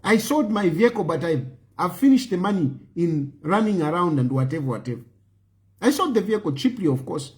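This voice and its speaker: Speaking fairly quickly in a high, sing-song voice, a man with a Zambian accent pleads passionately with online viewers as a political commentator. He keeps repeating phrases to hammer his points home.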